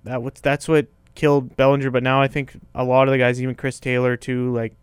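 A man's voice: medium pitch, fairly quick, clean tone, dry recording. A man co-hosting a casual sports podcast, talking baseball and now and then breaking into joking mock voices. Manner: animated, breaks into mock New York voices. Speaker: podcast co-host.

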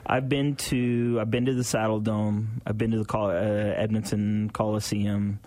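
A man's voice: on the low side, little pitch movement, moderate pace, darkish tone, no room sound. A man co-hosting a sports radio show, chatting casually and playfully about hockey arenas. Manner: playful, puts on a French arena announcer voice. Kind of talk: casual chat.

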